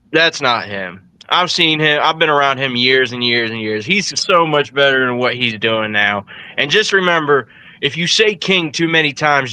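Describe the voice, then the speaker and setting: Bright-voiced easygoing man. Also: mid-range voice, clean tone, no room sound, rough recording. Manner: easygoing, joking. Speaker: panelist. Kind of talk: casual podcast chat.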